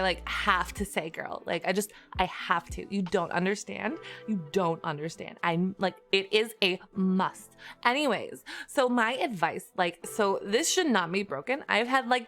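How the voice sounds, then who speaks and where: A woman's voice: on the high side, a bit bright, lightly acted. A woman doing a gushing Valley Girl. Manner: gushing, peppered with "like" and "oh my God". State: slightly rough just-woke-up voice. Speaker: streamer.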